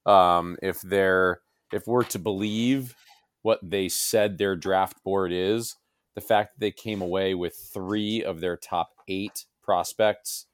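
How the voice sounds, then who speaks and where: Low-voiced man chatting about football. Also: fairly even intonation, slow pace, no room sound, clean studio sound. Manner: hesitant, many fillers and restarts. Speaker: podcast co-host. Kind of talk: casual sports podcast chat.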